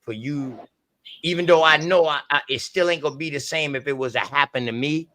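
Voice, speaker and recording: A man's voice: on the high side, brisk, bright, forceful tone. A man with a Southern US accent hosting a livestream, telling an emotional story in raw, profane, heartfelt talk. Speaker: livestream host.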